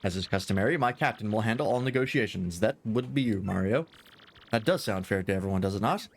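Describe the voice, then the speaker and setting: A man's voice: on the low side, expressive, fast, slight background noise. Man doing a pompous rich adventurer. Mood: boastful. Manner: grandiose, flowery and theatrical. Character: pompous wealthy male adventurer-merchant. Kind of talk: reading game dialogue aloud with voices.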